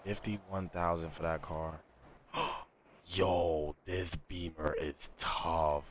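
A young man with a low, deep voice live-streams a game and reacts out loud to his chat. He talks in loose, excitable slang, hyping things up and then joking around. A faint hiss sits under the recording. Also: drawn-out words. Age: young adult. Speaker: livestreamer. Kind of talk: casual live-stream chat over gameplay.

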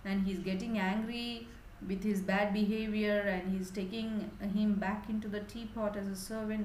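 A woman teacher explaining a story to young children, animated and asking them questions. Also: mid-range voice, moderate pace, echoey room, slight background noise, rough recording.

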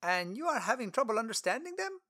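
A man voicing a friendly, eager Greek traveler in an audiobook story, with a lifted, lively voice. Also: extremely high pitch, fast talker, voice pushed up, heavily acted.

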